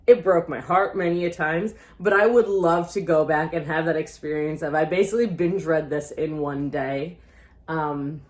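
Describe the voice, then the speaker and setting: A woman vlogger chatting casually about books she loves, gushing and talkative and often calling her viewers guys. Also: lowish voice. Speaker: book vlogger. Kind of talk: casual book recommendation chat.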